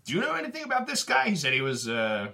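Male player in a tabletop game, playful and chummy, bright lively voice. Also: high-pitched, quick pace, gravelly. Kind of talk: tabletop role-play.

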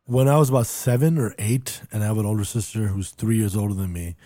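Relaxed man telling stories in chat. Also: on the low side, fast talker, slight background noise. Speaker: podcast co-host. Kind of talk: casual comedic chat.

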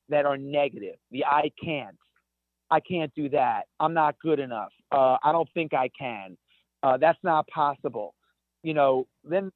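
A man's voice: a little high, no echo. Man with a tinny phone-line voice. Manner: energetic storyteller, many restarts. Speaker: guest, ultrarunner. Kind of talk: conversational interview. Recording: tinny phone-like dry sound.

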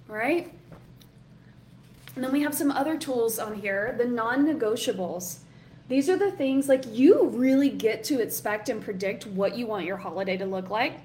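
Woman, workshop coach, chatty and encouraging, somewhat high voice, faint noise behind. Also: a little mellow. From Southern US. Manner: chatty, encouraging, reads chat comments aloud. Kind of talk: live online workshop talk.

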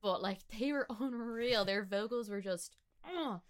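A woman's voice: mid-range voice, normal speed, clear, resonant tone. A young woman, a musician guest chatting casually on a podcast, laughing often and filling her talk with "like". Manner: chatty, laughing, many fillers like "like".

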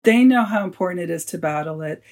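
A woman, an author being interviewed, telling a long story with lively quoted lines. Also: fairly low pitch, quick pace. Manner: animated storyteller, quotes people in her tale. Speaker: author and guest.

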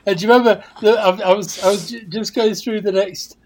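A man's voice: steady tone, fairly quick, a little hiss or hum. Reflective older man chatting. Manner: reflective, trails off into a lower, quieter voice. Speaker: podcast host. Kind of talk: casual chat.

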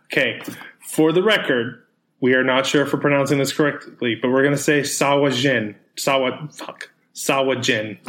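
A woman's voice: very deep voice, moderate pace. A woman with a Texan accent co-hosting a casual podcast, joking and swearing casually as she opens the show. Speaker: podcast co-host. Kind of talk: casual chat.

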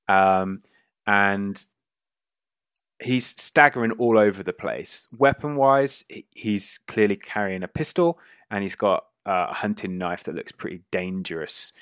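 A man's voice: fairly low pitch, dry recording, studio quality. A man narrating a western tabletop game as game master, describing scenes loosely with many fillers.

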